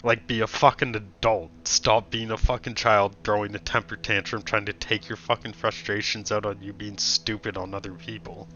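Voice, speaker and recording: A man's voice: lowish voice, level tone, moderate pace, hardly any pauses, sharp tone. A young man streaming, telling a story in casual chat with blunt, profane ranting. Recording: dull lo-fi stream audio.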